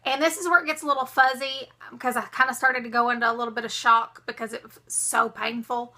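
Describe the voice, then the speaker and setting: Bright-voiced young woman. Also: fairly high pitch, quick pace. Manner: dramatic, animated storytelling addressing viewers. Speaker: vlogger. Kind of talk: storytime vlog.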